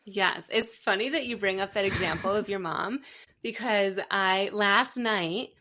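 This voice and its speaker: A woman's voice: medium pitch, measured pace, pushed and bright. A young adult woman hosting a podcast interview, telling stories in a chatty, casual way. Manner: chatty storyteller, acts out quotes. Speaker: podcast host.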